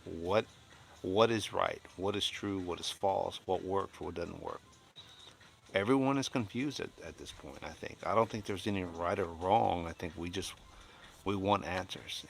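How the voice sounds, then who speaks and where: A man's voice: sits low, gravelly, a bit bright, a little hiss or hum. A middle-aged man at home, chatting blunt and opinionated on a live stream as he reads and answers his chat, rambling with restarts. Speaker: livestreamer reading and answering chat.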